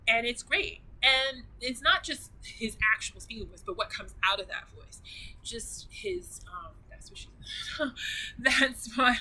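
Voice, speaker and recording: A woman's voice: on the high side, bright, forceful tone, low-quality recording. A woman vlogger chatting casually and gushingly, rambling with many restarts. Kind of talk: casual chat.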